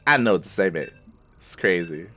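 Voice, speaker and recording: A man casting a live strategy game tournament, moving from calm play-by-play to loud shouting, laughing often and talking in casual slang. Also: low voice, moderate pace, soft background music. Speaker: esports caster.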